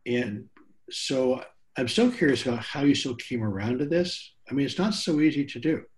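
A man's voice: mid-range voice, lively intonation, normal speed, darkish tone. A man hosting a podcast interview, speaking in a candid, curious and conversational way. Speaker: podcast host.

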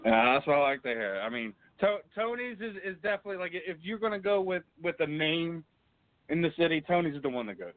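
A man's voice: fairly high pitch, big pitch swings, quick pace. A man with a Philadelphia accent hosting a casual interview, easygoing and chummy. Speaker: radio show host. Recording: dry, phone-like band.

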